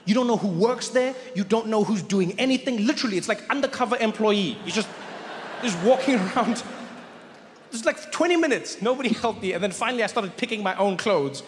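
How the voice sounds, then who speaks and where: A man doing stand-up comedy, an animated storyteller who jumps into voices and repeats words for emphasis. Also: high voice, fairly quick, a little hiss or hum. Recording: long reverb of a large venue, faint ambience.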